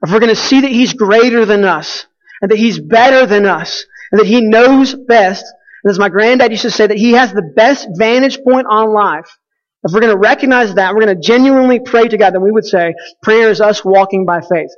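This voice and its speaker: A man's voice: sits high, a little fast, long reverb tail, lo-fi sound. A man preaching a sermon, telling a personal story in a conversational way and asking the audience questions.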